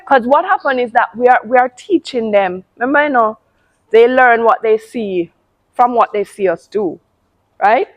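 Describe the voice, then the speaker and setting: A woman with a somewhat high voice talks casually, giving parenting advice. She speaks emphatically and circles back over her words to drive a point home. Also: normal speed, lo-fi sound. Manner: emphatic, repeats words, mimics children and parents. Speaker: parenting channel host.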